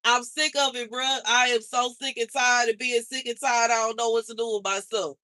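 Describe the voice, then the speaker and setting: Woman ranting on a livestream, bright tense voice, dry close sound, keeps saying she's tired, slangy and fed up. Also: on the high side, steady tone, normal speed, no echo. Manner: exasperated venting, repeats herself, slangy. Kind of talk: casual livestream rant.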